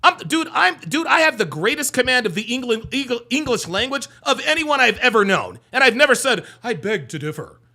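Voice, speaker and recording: A man's voice: very high voice, brisk, hardly any pauses. A man hosting a live stream, reading chat comments aloud and answering them with profane, mocking rants. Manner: profane, mocking, animated ranting. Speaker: livestream host reading chat.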